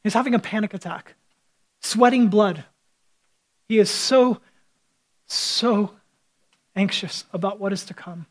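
A man's voice: sits high, measured pace, long pauses, low-quality recording. A man preaching a sermon as a pastor, retelling scripture as vivid storytelling with quoted speech.

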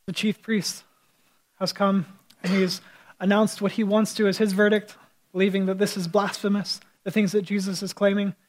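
A man's voice: high voice, level tone, moderate pace, rough recording. A man preaching a sermon as a pastor, retelling scripture as vivid storytelling with quoted speech.

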